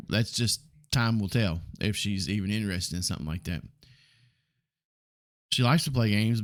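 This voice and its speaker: A man in his forties with a Southern US accent, hosting a casual solo podcast and talking in a rambling, blunt way with plenty of ums and the odd curse. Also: lowish voice. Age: 40s. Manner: rambling, blunt, frequent ums and mild swearing. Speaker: podcast host.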